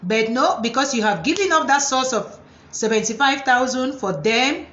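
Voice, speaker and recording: A lively woman therapist speaks in a fairly high voice, animated and mocking the controlling partners she describes. The room rings with echo, and the sound is a little dull. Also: normal speed. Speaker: psychotherapist and motivational speaker. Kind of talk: talking to camera about relationships.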